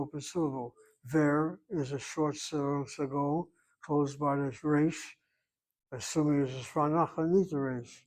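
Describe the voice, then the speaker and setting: A man's voice: fairly high pitch, fairly even intonation, moderate pace, darkish tone, rough recording. An older man teaching a Hebrew class, explaining grammar patiently and repeating his points. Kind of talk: online class lecture.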